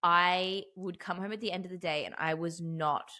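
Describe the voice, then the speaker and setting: A woman's voice: on the low side, steady tone, moderate pace, sharp tone. A young woman co-hosting a podcast, talking emphatically and bluntly, with casual swearing. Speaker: podcast co-host. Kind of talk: casual chat.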